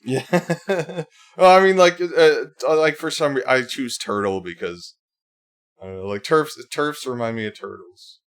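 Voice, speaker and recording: Speaking a little slowly, a man with a medium-pitched, fairly bright voice hosts a casual livestream. He reads posts out and mocks them in put-on whiny voices, his sarcastic delivery rambling and full of fillers and restarts.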